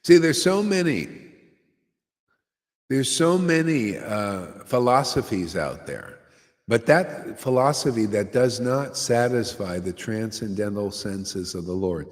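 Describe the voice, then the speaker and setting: A man with a fairly low voice gives a casual devotional talk. He keeps checking in with "see?" and slipping in "man". His words ring out with a long reverb, as if in a big hall. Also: lively intonation, slow. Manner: loose and conversational, keeps asking "see?" and dropping "man". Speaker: spiritual teacher.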